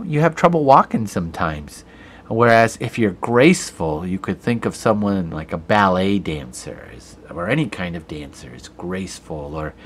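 Man teaching grammar, patient and lowish. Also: fairly bright tone. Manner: patient, explains step by step while typing. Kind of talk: online grammar lesson. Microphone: computer camera mic.

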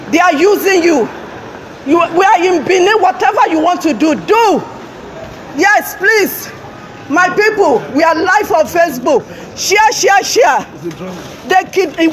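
A Nigerian woman live-streaming from her phone outdoors, shouting and confronting people, repeating herself urgently. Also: very high voice, lively intonation, a little slow, a little hiss or hum, rough recording. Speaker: livestreamer confronting officials. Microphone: phone held while live streaming.

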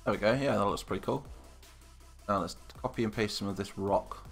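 A man's voice: on the low side, brisk, gravelly, faint music behind. A man from England, chatting casually on a live stream, thinking aloud with hesitant muttered asides.

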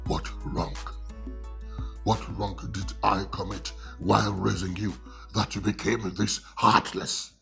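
A man's voice: lowish voice, fairly even intonation, takes it slowly, gravelly, a bit bright, soft background music, full character voice. An actor with a Nigerian accent playing a stern older father who scolds his daughter. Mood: reproachful. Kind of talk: Nollywood film acting.

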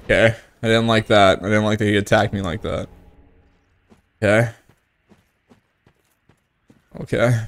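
A man's voice: fairly low pitch, steady tone, moderate pace, fairly bright tone. A young man giving casual, profane gameplay commentary, joking and tipsy from whiskey, with sudden outbursts at the game. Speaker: gaming streamer.

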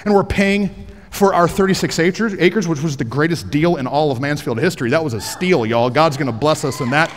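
A pastor preaching a sermon on a headset mic in a large church auditorium, energetic and joking, rising to shouts for emphasis. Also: male voice, a little high, fairly quick, big-room sound, slight background noise.

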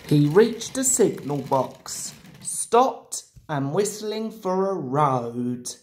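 A woman narrating a storybook in an expressive, measured way. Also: deep voice, slight background noise. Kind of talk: storybook reading. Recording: roomy echo.

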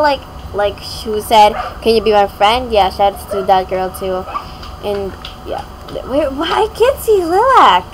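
Young woman, gaming vlogger, slow rambling commentary, giggly, noisy recording. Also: a little high. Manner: giggly, rambling, many "and yeah" fillers. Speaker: gaming YouTuber. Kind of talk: casual gameplay commentary.

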